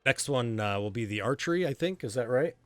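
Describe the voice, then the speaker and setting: A man's voice: medium pitch, lively intonation, a little fast, a bit bright, no room sound, soft background music. A man running a tabletop game as game master, narrating in an easygoing way with lots of fillers and restarts.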